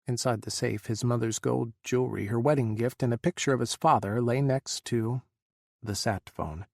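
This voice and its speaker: Man reading a novel aloud, creaky low voice, dry close sound. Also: moderate pace, a little mellow, no echo. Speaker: audiobook narrator. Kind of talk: scripted narration.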